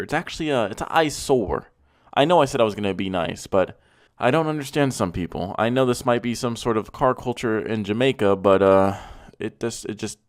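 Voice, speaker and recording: A man giving casual comedic commentary on car mods, sarcastic and mock-complimenting, swearing freely. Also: lowish voice.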